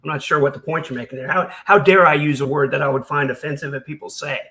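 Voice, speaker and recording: A man's voice: on the high side, fast talker, sharp tone. A man hosting a reaction commentary, ranting in a heated, sarcastic and profane way. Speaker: commentary channel host.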